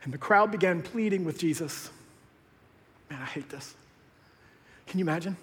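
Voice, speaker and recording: A man preaching a sermon as pastor, swinging between hushed lines and loud, excited bursts. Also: a little high, moderate pace. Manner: animated, swinging from hushed to shouted. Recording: long hall reverb.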